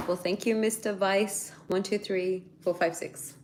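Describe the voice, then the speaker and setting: A woman's voice: medium pitch, steady tone, a little slow, noisy background. A woman in her thirties with an Australian accent, chatting casually with viewers, laughing often as she answers their questions. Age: 30s. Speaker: YouTuber.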